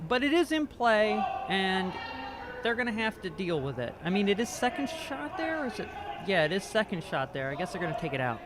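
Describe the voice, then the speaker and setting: A man's voice: sits high, sing-song, brisk, background noise. A man doing amateur commentary on a curling game, joking and self-deprecating and stumbling over players' names. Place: curling rink.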